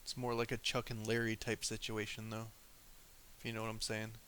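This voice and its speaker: Man, crude joking streamer, bright forceful voice, faint hiss in the background. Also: lowish voice, monotone, a little fast. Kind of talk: casual chat with live chat.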